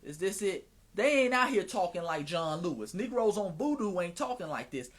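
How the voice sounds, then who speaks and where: Animated man on a live stream. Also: high voice, moderate pace, few pauses. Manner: animated, preacher-like cadence, switches into mocking voices. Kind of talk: casual live-stream commentary.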